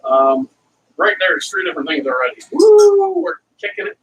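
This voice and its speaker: A chatty middle-aged man talks through a home cooking demo, drifting into stories as he goes. His voice sits a little high and swings up and down. He sounds a bit off-mic, with a faint hum of room noise behind him. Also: wildly swooping pitch, moderate pace, creaky, distant mic, poor audio. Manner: rambling, chatty, wandering off into stories. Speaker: cooking vlog host. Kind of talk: casual cooking demonstration, talking to viewers.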